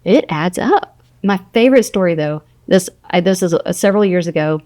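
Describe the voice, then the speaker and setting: Fast-talking woman, lower voice, telling stories. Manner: storytelling, animated quoting of patients. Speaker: nurse practitioner. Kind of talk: casual podcast chat.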